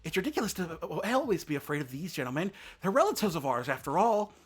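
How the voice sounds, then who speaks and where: A man voicing an earnest young male deer, talking a little higher than his own voice. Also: very animated, fast talker, husky, full character voice. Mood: soothing.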